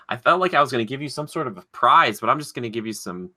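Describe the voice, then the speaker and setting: Bright-voiced young male podcast host. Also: medium pitch, very fast. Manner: animated, laughing, playfully acting out movie quotes. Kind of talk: casual chat, running a movie quote quiz.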